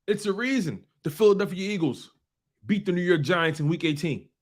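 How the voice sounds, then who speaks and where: High-pitched animated man ranting on sports. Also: a little fast. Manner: animated, preachy, repeats phrases for emphasis. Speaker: sports talk show host. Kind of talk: casual sports talk rant.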